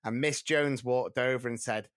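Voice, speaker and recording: A man with an English accent telling a lively story in a casual podcast chat, laughing along as he goes. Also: medium pitch, normal speed, dry recording, studio quality. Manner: animated storyteller who keeps laughing as he tells.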